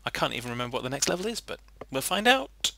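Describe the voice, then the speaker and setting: A man's voice: medium pitch, very animated, fast talker, vocal fry, pushed and bright, slight background noise. A man chatting playfully while playing a game, joking and laughing often. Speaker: player. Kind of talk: casual gaming chat.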